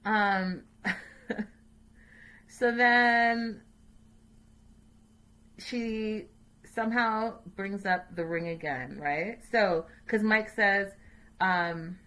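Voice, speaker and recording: A woman hosts a casual recap, talking straight to her viewers in a chatty, opinionated way. Her voice is bright and lively, and she often breaks into laughter. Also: mid-range voice, extremely slow, long pauses. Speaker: host.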